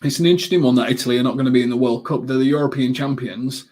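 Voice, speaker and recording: A man hosting a live football watchalong, chatting casually with viewers in a rambling way, full of ums and quick excited bursts at the action. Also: medium pitch.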